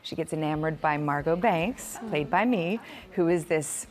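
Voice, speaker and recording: A woman appears as a guest on a talk show and chats about her work. Her voice sits low for a woman. She talks in a relaxed, easygoing way, with plenty of fillers. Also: normal speed. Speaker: actress guest. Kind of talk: casual talk show interview.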